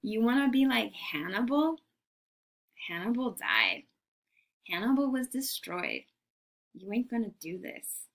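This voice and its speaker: A woman's voice: on the high side, sing-song, measured pace, vocal fry, pauses often, exaggerated voice. A woman voicing a male painter who scornfully taunts a would-be conqueror, in a teasing tone. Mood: taunting.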